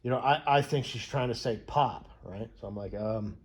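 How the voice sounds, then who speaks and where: Rambling, profane young man, husky voice. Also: medium pitch, normal speed. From United States. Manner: profane, digressive, many fillers and restarts. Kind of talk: casual rambling monologue.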